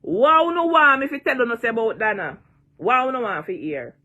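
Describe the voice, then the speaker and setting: A woman's voice: fairly high pitch, big pitch swings, moderate pace, pushed and bright. A woman in her sixties with a Jamaican accent, ranting and taunting in a vlog, repeating her jeers and cursing freely. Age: 60s. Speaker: online personality.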